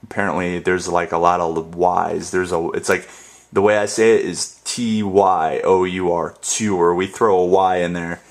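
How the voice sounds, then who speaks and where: A man's voice: low voice, steady tone, normal speed. A young man from the northern United States, rambling casually and jokingly through a dialect tag and spelling words out. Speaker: YouTube creator.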